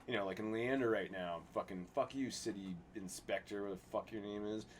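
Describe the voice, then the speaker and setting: A young man with a lowish voice rants through casual conversation and swears constantly. A faint hiss of noise sits under the recording. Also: fairly even intonation, a little fast. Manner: profane, ranting storyteller. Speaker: podcast guest. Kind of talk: casual chat.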